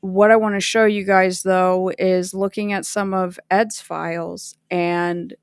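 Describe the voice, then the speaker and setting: A woman's voice: mid-range voice, flat delivery, measured pace, clean tone, dry recording, studio quality. A woman hosting a casual livestream, chatting and greeting viewers by name. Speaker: livestream host.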